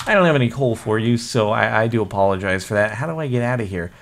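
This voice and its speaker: A man's voice: on the low side, lively intonation, fast, a little hiss or hum. Man, gaming host, casual self-mocking commentary. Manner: jokey, self-mocking, chatty.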